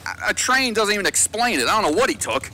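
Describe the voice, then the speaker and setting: A man calling drag races live from the announcer tower, joking, excitable and teasing the racers. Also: high voice, quick pace, slight background noise. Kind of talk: live race commentary.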